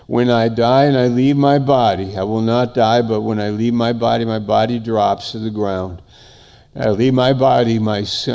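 Older man, preacher, sermon, slow delivery, gravelly low voice, emphatic repetition. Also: darkish tone. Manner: emphatic, repeats phrases in lists.

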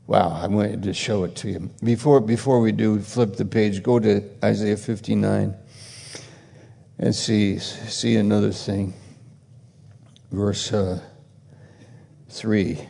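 A man's voice: lowish voice, fairly even intonation, slow pace, vocal fry, long pauses, warm tone, in a large hall. A man preaching a sermon, emphatic and repetitive, pressing his rebukes with growing intensity.

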